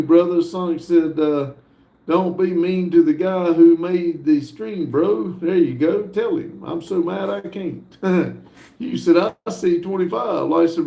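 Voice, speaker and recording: A man hosting a casual livestream, reading viewer messages aloud in an unhurried way, with frequent fillers and chuckles. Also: on the high side, gravelly, darkish tone, echoey room. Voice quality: laid-back, chuckles often between messages. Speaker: livestream host.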